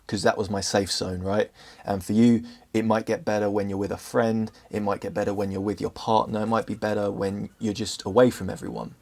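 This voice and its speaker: Earnest young English man, low-ish voice. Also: vocal fry, a little mellow. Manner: earnest and open, stumbling over his words. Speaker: vlogger. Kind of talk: candid personal storytelling.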